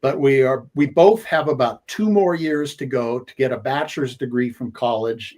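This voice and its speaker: Sports radio co-host in his 60s, storytelling, halting delivery full of fillers. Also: medium pitch, expressive. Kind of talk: conversational storytelling.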